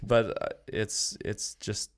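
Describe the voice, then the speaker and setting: A man hosts a podcast in casual talk. His voice sits fairly low, and he rambles through his points with many fillers and restarts. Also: slow. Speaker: podcast host.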